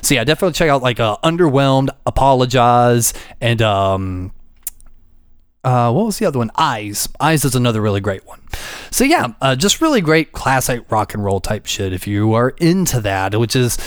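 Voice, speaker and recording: A man's voice: medium pitch, very animated, normal speed, smooth, dry recording, clean studio sound. A man hosting a podcast in loose, profane casual chat, laughing often. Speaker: podcast host.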